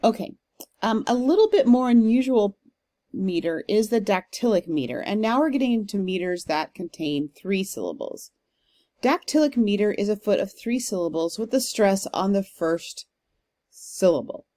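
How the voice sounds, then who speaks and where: A woman's voice: mid-range voice, lively intonation, moderate pace, warm tone. A woman teacher giving a recorded lecture, explaining step by step with some fillers and reading verse aloud with strong stress. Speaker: literature teacher.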